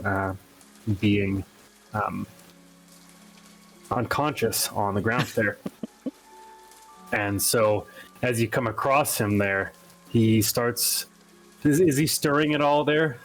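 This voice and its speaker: A man's voice: mid-range voice, poor audio. A man playing a tabletop game, describing his character hesitantly with many ums. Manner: slow, hesitant, lots of ums. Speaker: player.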